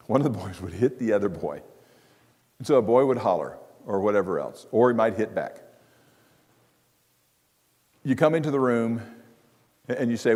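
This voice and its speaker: Middle-aged guy preaching in a church, low voice, long echo, chatty and joking. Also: lively intonation, moderate pace, long pauses, darkish tone. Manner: conversational storytelling with humor. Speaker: guest preacher. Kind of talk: sermon on marriage. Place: church sanctuary. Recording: long hall reverb.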